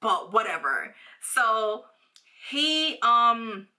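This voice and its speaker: A young woman from New York tells a story in a bright, crisp voice. She rambles casually, packing in fillers and slang, and circles back to correct herself. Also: on the high side, sing-song, very slow. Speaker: vlogger.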